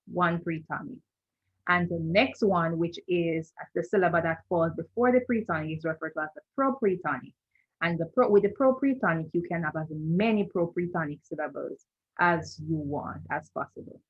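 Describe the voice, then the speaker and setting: A woman's voice: on the low side, husky, muffled recording. A woman teaching a screen-share lesson, patient and repetitive, often checking in with "right?". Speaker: language teacher.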